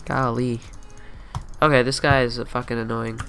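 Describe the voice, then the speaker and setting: A young man giving profane, running commentary over his own game, muttering asides and then yelling trash talk at opponents. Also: mid-range voice, moderate pace, a little hiss or hum. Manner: profane, swinging between mumbled asides and yelled trash talk. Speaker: gameplay commentator. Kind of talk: live gameplay commentary.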